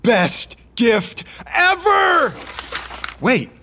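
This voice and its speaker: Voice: sits high, huge pitch swings, extremely slow, sharp tone, heavily acted. An actor playing an exclaiming gift opener in a radio ad. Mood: delighted. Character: delighted then puzzled gift opener in a lottery ad. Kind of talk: radio ad acting.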